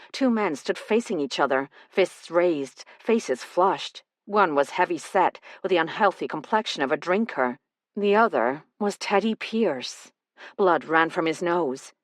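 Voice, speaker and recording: A woman reading a first-person mystery novel aloud as audiobook narrator with an even delivery. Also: lowish voice, no room sound, clean studio sound. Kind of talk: scripted narration.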